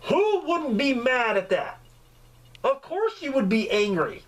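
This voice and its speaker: A man giving a casual, joking movie review, with swearing and lively storytelling. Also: very high voice, takes it slowly, a little hiss or hum, low-quality recording. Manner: profane, joking, animated storytelling.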